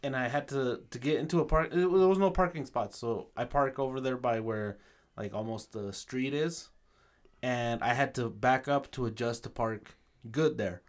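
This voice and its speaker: A man's voice: mid-range voice, moderate pace. A man co-hosting a podcast in casual chat, cursing freely and mixing into as he tells stories. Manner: profane, animated storytelling. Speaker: podcast co-host.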